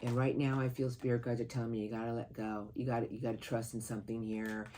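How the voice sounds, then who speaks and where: A tarot reader giving a monthly reading to camera, earnest and encouraging, who speaks aloud to spirit guides and breaks into sudden excited, louder bursts. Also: fast talker, slight background noise. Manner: animated, sudden jumps in pitch and loudness, laughs at the cards.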